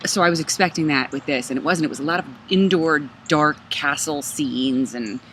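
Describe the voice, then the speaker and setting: Low-voiced chatty woman co-host. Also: moderate pace, a bit bright, slight background noise. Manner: chatty, laughing, playful. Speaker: podcast co-host. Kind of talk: casual chat.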